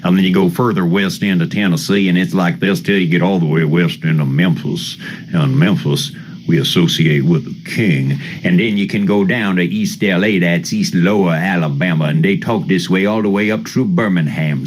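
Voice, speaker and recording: A man's voice: on the low side, moderate pace, few pauses, close to an everyday voice. A man imitating a range of Southern US accents for a demonstration, with a drawling delivery that shifts between regional inflections. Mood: demonstrative.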